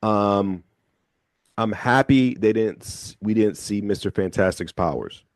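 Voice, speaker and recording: A man hosting a radio show, talking in a measured, thoughtful way and slowing down to stress his points. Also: on the low side, no room sound, studio quality. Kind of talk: casual radio chat. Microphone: studio microphone.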